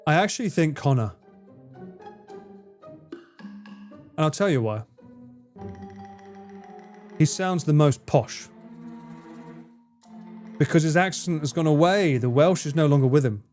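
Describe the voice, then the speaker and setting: Soft-spoken Essex streamer, faint music. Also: male voice, on the high side, expressive, takes it slowly, long pauses. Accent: Essex English. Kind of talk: casual livestream chat.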